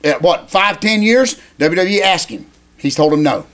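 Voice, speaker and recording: An older man, a retired wrestler co-hosting a casual chat, given to excitable, rambling rants. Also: high-pitched, moderate pace.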